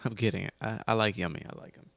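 A man's voice: lowish voice, steady tone, fast, vocal fry, fairly bright tone, no echo. A young man in casual chat who rambles, restarts his sentences, laughs often and swears.

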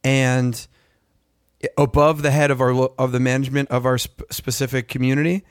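A man's voice: mid-range voice, normal speed, smooth, no room sound. Casual storytelling man, dry sound. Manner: animated storyteller, acts out quotes, swears freely. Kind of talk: casual chat.

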